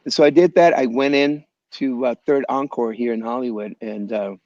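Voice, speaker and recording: A man being interviewed as a guest musician over a video call, telling animated stories in a loose, slangy way and calling people "man" and "bro". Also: medium pitch, normal speed, no echo, highs cut off. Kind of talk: casual storytelling interview. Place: home in Los Angeles area.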